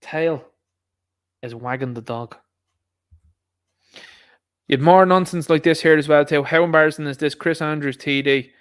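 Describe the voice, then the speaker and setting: A man's voice: fairly high pitch, steady tone, moderate pace, pauses often, clear, resonant tone. A man with an Irish accent giving a casual, ranting political commentary, sarcastic and exasperated.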